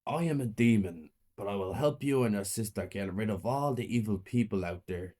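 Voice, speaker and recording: A man voicing a male demon from hell, speaking slowly and evenly. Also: lowish voice, dark tone, natural voice. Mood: calm. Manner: slow, measured delivery.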